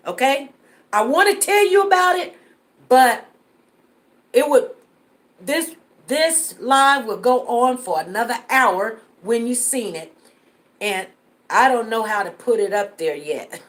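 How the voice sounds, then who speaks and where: A woman with a high-pitched voice hosts a casual live stream. She talks earnestly to her viewers and often repeats lines to drive a point home. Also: expressive, slow, long pauses. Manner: earnest, repeats herself for emphasis.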